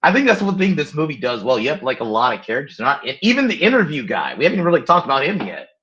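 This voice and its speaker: A man with a fairly high, very lively voice chats about a film in loose, animated phrasing. The sound is dull and lo-fi, missing its top end. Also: racing. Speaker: podcast co-host. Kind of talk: casual movie review chat. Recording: dull lo-fi audio.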